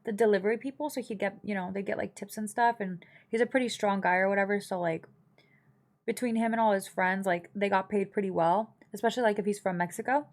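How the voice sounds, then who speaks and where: A woman's voice: mid-range voice, steady tone, quick pace. Young woman streamer, casual and blunt, gossipy family storytelling for her live chat, full of fillers.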